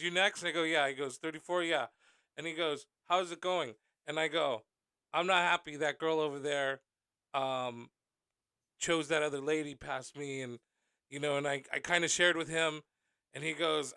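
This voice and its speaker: A man's voice: a little high, pushed and bright, clean tone, dry recording. A man hosting a podcast, telling personal stories candidly and swearing freely as he acts out what people said. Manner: candid storytelling, swearing freely, acting out quotes. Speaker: podcast host. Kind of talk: casual podcast conversation.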